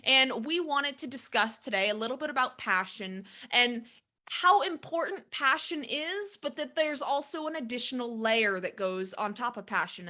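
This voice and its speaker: A woman's voice: fairly high pitch, pushed and bright. A young adult woman co-hosting a podcast, talking earnestly and upbeat, explaining her ideas with everyday examples. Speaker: podcast co-host. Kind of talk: casual podcast chat.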